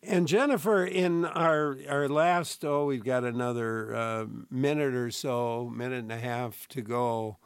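A man hosting a public radio interview, friendly and a bit halting, stumbling over words now and then. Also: medium pitch, steady tone, clean tone, no echo. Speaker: radio show host. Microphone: studio microphone.

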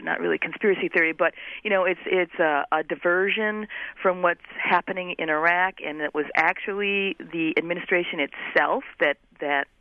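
A woman guest on a radio talk show, calmly explaining political issues at length. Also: fairly low pitch, moderate pace, no echo. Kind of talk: analytical radio discussion. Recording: tinny phone line.

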